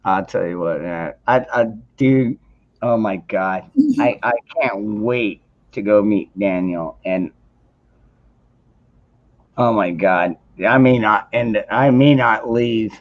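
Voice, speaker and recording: A man's voice: lowish voice, slow. A man hosting a casual livestream chat, rambling with lots of restarts and swearing freely. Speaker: livestream host. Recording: dull lo-fi stream audio.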